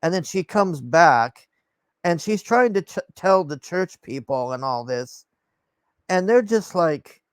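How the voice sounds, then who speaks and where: A vlogger rants casually to his camera, rambling and exasperated, swearing often and trailing off with sighs. His slightly high voice is expressive, clear, and resonant, and he takes his time in a dry recording.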